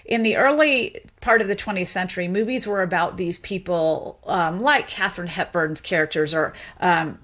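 Woman sociolinguist explaining on radio. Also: lowish voice. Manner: lively explaining, quick asides. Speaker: sociolinguist guest. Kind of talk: radio interview.

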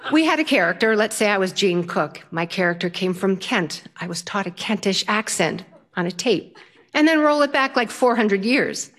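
Lively older woman telling a story. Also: medium pitch, moderate pace. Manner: animated, self-mocking, lively storytelling. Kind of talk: storytelling performance.

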